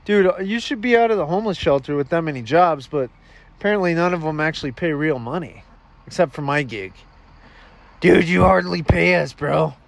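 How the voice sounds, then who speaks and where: A man hosting a goofy comedy podcast, excitable and full of slangy banter. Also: on the high side, a little fast, creaky, no room sound. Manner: excitable, says dude and bro a lot. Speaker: host.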